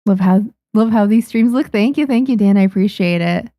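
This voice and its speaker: A woman's voice: mid-range voice, brisk, warm tone, no echo. A young adult woman, a manga artist, chatting casually on a livestream at her desk microphone, thanking viewers with frequent ums. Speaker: manga artist streaming to chat.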